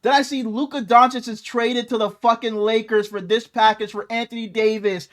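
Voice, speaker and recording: A man co-hosting a sports podcast, telling an excitable story full of swearing and quick restarts. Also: extremely high pitch. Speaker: podcast co-host. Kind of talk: casual sports podcast chat.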